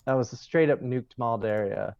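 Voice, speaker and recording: Smooth-voiced man breaking down a match. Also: mid-range voice, normal speed, darkish tone, dull audio. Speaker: commentator. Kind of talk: post-game analysis.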